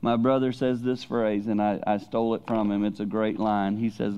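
A man's voice: fairly low pitch, moderate pace, clean tone, muffled recording. A middle-aged man, preaching a sermon as a traveling preacher, speaking candidly and telling stories with animation. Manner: candid, confessional, animated storytelling. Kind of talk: sermon to a youth congregation.

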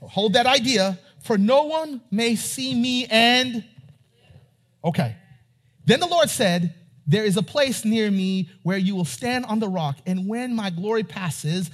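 A man preaching a sermon, reading scripture and asking his congregation questions, rising at times to near-shouting. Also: sits high. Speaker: pastor.

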